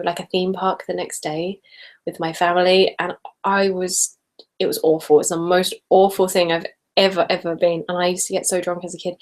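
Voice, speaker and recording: A late-20s woman hosting an ASMR channel goes through viewer comments in a relaxed live-stream chat. She's chatty and giggly, often laughing in the middle of a sentence, and her voice is fairly low-pitched and a little mellow.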